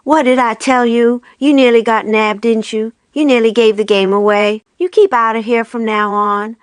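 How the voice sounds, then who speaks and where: A woman's voice: steady tone, moderate pace, clean tone, no echo, natural voice. A woman voicing a rude, possessive rat who scolds and shrieks from a shelf, in a storybook reading. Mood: scolding. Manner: shrill, scolding.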